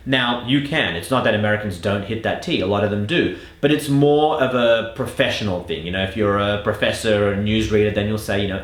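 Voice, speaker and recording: A man teaching an accent lesson, who slows right down to model practice sentences for the listener to repeat. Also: medium pitch, very animated, fairly bright tone, reverberant. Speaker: accent coach.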